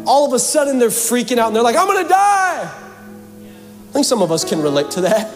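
A man from Seattle preaching in church, his voice sitting high for a man. He jokes and teases the congregation between scripture passages. His words trail off into a long church reverb, with soft music faint underneath. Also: fast talker. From Seattle, USA. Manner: joking, animated preaching with asides to the congregation. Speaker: pastor. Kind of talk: sermon.

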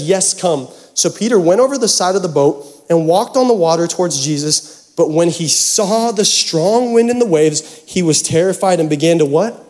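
A man's voice: high-pitched, darkish tone. A man preaching a sermon, casual and joking as he talks straight to the congregation. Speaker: pastor.

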